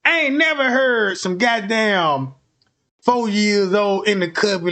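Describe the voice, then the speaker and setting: A man streaming a comedic rant, telling profane, animated stories and acting out the scenes. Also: high-pitched, slow. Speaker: streamer commentator.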